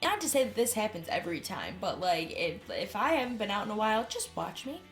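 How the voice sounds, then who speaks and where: A young woman vlogging casually about herself, candid and self-deprecating, swearing freely and rambling with quick asides. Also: medium pitch, very animated, a bit bright, faint music behind. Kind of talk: casual talking-head vlog.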